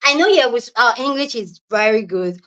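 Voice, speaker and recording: A woman's voice: a little high, expressive, moderate pace, fairly bright tone, lo-fi sound. A young woman from southern Nigeria with a Nigerian accent tinged by Delta pidgin, chatting casually with viewers on a livestream and greeting them by name. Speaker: livestream host. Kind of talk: casual live chat with viewers. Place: indoors at home.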